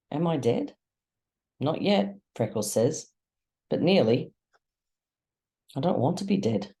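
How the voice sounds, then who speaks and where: Slow gravelly audiobook reader. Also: mid-range voice, dark tone. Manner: slow, measured, dramatic pauses. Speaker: audiobook narrator. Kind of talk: first-person audiobook narration.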